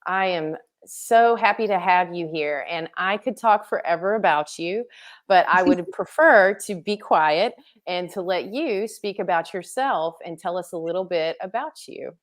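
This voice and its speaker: A woman's voice: lowish voice, measured pace. A woman hosting a live interview stream, chatty and enthusiastic. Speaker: host and founder.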